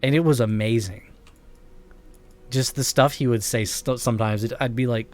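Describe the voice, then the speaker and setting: A man's voice: medium pitch, brisk, a little mellow. A man with a slight Southern US accent, chatting casually with viewers while streaming a game, rambling and laughing often. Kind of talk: casual gaming stream chat.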